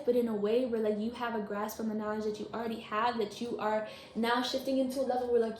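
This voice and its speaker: A woman's voice: on the high side, darkish tone. A woman giving a casual spiritual reading to camera, chatty and rambling, with lots of "like" and "y'all". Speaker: tarot reader. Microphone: camera mic. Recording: echoey room, faint noise.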